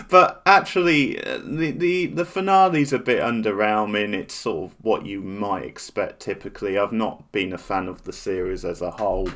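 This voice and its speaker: A man talks through a TV finale in a loose, casual way. He keeps restarting his sentences and leaning on fillers, and his voice sits low. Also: gravelly, fairly bright tone. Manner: rambling, with many restarts and fillers. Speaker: TV reviewer. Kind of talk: casual spoken review.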